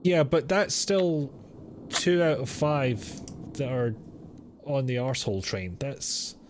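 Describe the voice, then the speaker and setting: A man's voice: medium pitch, slow, a little hiss or hum. A man joining a game stream with dry, joking banter. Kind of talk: casual chat.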